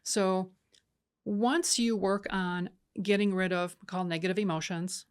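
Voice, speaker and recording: A woman coach talking as a podcast guest, telling stories in a lively way, acting out the dialogue, and stressing points with lists and "right?". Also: mid-range voice, measured pace, clean tone. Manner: animated storyteller who acts out quoted dialogue; emphatic lists and repeated "right?". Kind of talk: conversational podcast interview.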